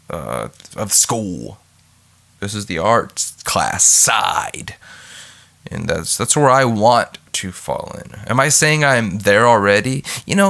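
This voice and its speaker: A man's voice: lowish voice, gravelly, sharp tone. A man hosting his own podcast, talking in a rambling, goofy way, swearing freely and breaking off into bits of song. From United States. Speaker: podcast host. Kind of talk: rambling solo podcast talk.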